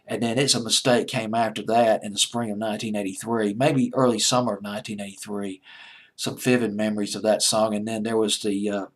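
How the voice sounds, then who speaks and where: A man's voice: on the low side, level tone, brisk. A man with a Southern American accent hosting a music countdown, rambling and chatty as he recalls old hit records. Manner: rambling, chatty, self-mocking. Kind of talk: casual music commentary.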